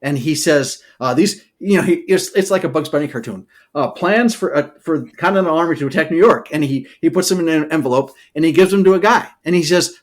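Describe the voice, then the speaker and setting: A man co-hosting a podcast, telling history as a loose, animated story, full of "okay" and "all right" asides. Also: a little high, brisk, hardly any pauses. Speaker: podcast co-host. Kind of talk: casual storytelling chat.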